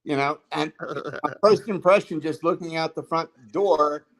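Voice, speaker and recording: Rambling man, slightly high voice. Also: normal speed, a bit bright, poor audio. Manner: rambling, many fillers and restarts. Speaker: guest telling stories. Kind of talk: casual livestream chat.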